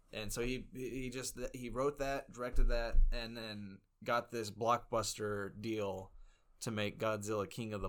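A man co-hosting a movie review podcast, relaxed and joking, laughing often. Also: on the low side. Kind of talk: casual chat.

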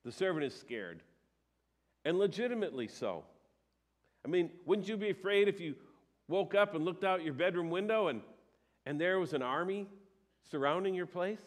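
A male pastor delivers a sermon with a fairly high-pitched voice. He keeps it conversational and stresses key points with lifted emphasis. He hesitates now and then as he thinks aloud. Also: lively intonation, normal speed, pauses often.

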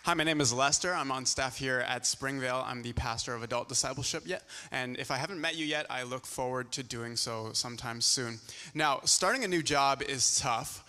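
A man, a pastor, speaking to his church with a halting delivery full of filler sounds. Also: mid-range voice, pushed and bright. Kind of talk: church announcement talk. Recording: echoey hall.

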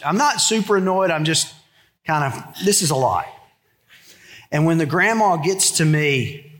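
A man preaches a sermon from the pulpit. His voice sits a bit high, and he talks like he's telling a story to friends, then sinks low and quiet when he makes his serious points. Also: normal speed. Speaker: pastor.

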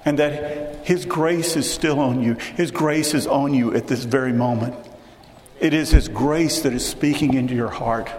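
A man's voice: medium pitch, measured pace, darkish tone. A man preaching a sermon as pastor, speaking earnestly and directly to the congregation and repeating phrases for emphasis. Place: church sanctuary. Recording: echoey hall with long reverb, faint hiss.

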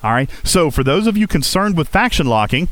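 Animated male gaming podcast host. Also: a little high, fairly quick, dry recording. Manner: animated, coaching listeners with repeated "okay?". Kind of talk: casual gaming podcast talk.

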